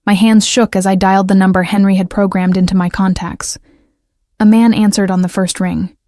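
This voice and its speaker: A woman narrating a dark romance story in the first person, in an even, measured reading. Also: mid-range voice, no room sound.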